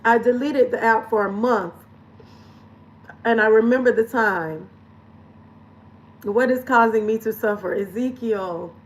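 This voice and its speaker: In a candid confessional vlog, a female lifestyle coach speaks emotionally and earnestly, her voice pitched a little high and her pace a little slow with long pauses. She repeats lines for emphasis and laughs between phrases, sounding far from the mic in a low-quality recording.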